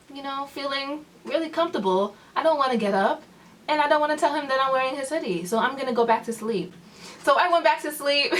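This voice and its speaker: A young woman vlogger with a somewhat high, slightly bright voice tells a story in a storytime vlog, acting out what her friends said. Her voice sounds a bit distant from the mic.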